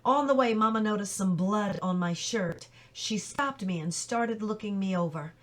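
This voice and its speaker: A woman reading a novel chapter aloud in plain, steady storytelling, with small slips she corrects as she goes. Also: medium pitch, moderate pace. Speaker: reader.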